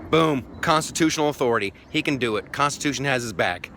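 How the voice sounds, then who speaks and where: A man with a bright, forceful voice riffs in a sarcastic comedy vlog rant. His pitch leaps wildly between low grumbles and high mocking yelps. He sounds excitable and scornful throughout. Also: quick pace, a little hiss or hum. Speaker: vlogger host. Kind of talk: comedic political rant to camera.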